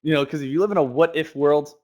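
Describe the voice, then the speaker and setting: A man's voice: fairly high pitch, fast, darkish tone. A young man giving a casual day-trading lesson, talking freely with lots of "you know" fillers.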